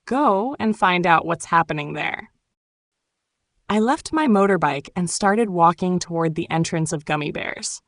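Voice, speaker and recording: A woman from Turkey, narrating her own memoir audiobook in a calm, reflective storytelling manner. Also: on the low side, unhurried, dry recording, studio quality.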